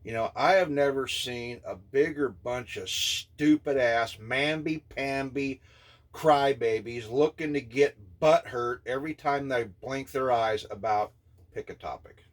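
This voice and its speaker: A man in his fifties giving an indignant, scornful opinion rant, blunt and halting, with many filler pauses. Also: medium pitch. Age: 50s. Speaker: vlogger.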